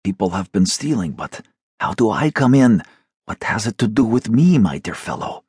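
A man's voice: very animated, normal speed, a little mellow, slightly rough, no echo, studio quality, full character voice. A man voicing a flustered male merchant in trouble, indignant and pleading, in an audiobook reading. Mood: alarmed. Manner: indignant, pleading, rising to high exclamations.

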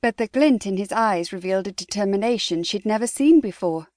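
A woman narrating a historical romance audiobook in a smooth, even storytelling manner. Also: mid-range voice, fairly quick, no echo, clean studio sound. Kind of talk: scripted narration.

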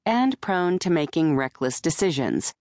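A woman narrating a first-person audiobook in a low, deep voice. Her delivery is dry and wry, tuned to the joke in each line. The recording is close-miked and completely dry. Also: big pitch swings, unhurried, darkish tone, no room sound. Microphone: close studio mic.

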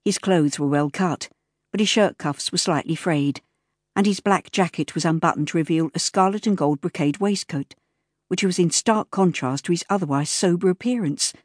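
A woman narrating an audiobook in a measured, even storytelling manner, recorded close in a studio. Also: lowish voice, no room sound. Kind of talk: scripted narration. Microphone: close studio mic.

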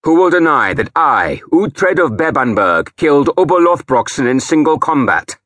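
A man voicing a proud, hot-tempered young Saxon warrior lord who challenges and shouts. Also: on the low side, sing-song, moderate pace, slightly rough, no echo. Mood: shouting. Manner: defiant, shouting.

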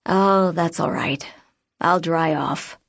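A woman's voice: low-pitched, slow pace, vocal fry, heavily acted. A woman voicing a tall, somber teenage boy who talks politely but gives firm commands.

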